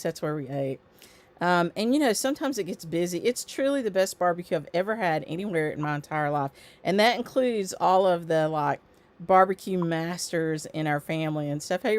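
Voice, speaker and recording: A woman hosting a casual stitching livestream, chatting loosely with lots of ums and greeting viewers by name as their comments come in. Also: on the low side. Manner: chatty, rambling with frequent ums. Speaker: livestream host. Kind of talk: casual live-stream chat.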